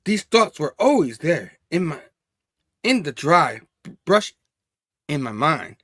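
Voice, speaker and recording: A man's voice: fairly high pitch, big pitch swings, takes it slowly, long pauses, a bit bright, no room sound, clean studio sound. A man casually reviewing a comic book, reading the panel dialogue aloud in a loose, chatty way with frequent laughs.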